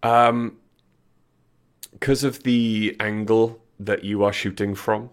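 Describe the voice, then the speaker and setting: Slow, deep-voiced male game master. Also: level tone, smooth. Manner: measured, hesitant with fillers between rulings. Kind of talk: narrating a tabletop game.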